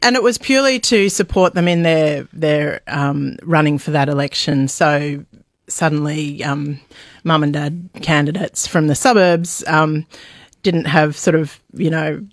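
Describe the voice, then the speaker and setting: A woman's voice: low voice, no echo, clean studio sound. A middle-aged Australian woman, a journalist guest in a radio interview, speaking thoughtfully with many ums and restarts. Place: radio studio.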